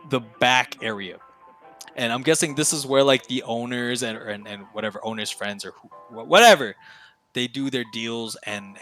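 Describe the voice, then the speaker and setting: Bright-voiced young man telling wild stories. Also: mid-range voice. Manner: profane, excitable, slangy. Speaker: podcast guest. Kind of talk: casual storytelling.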